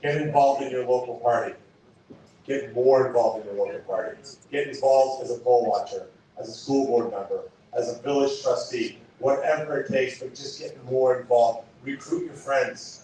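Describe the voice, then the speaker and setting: A man's voice: mid-range voice, moderate pace, dark tone, slight background noise. A man running for office, giving an impassioned campaign speech full of punchy rhetorical questions, recorded from far off in an echoey hall. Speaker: political candidate. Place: event hall.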